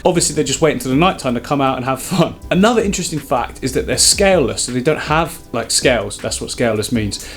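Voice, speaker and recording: A man hosting a casual aquarium vlog, chatty and excitable, laughing often. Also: mid-range voice. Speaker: aquarium vlogger.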